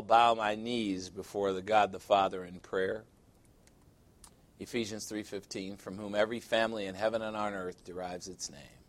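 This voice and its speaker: A man pastor preaching an emphatic sermon, reading scripture aloud, commenting on it and speaking directly to his congregation. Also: fairly low pitch.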